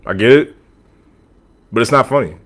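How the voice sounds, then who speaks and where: A man hosting a podcast alone, talking sports in a casual, animated and opinionated way. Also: medium pitch, moderate pace. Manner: animated, opinionated, talks straight to the audience. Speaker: podcast host. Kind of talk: casual sports talk monologue. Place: room with a team flag on the wall.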